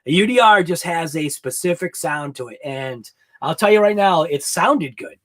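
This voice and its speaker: A man hosting a live hobby show, chatting casually with viewers in a rambling, excited way and laughing often. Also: fairly high pitch, normal speed. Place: home garage workshop.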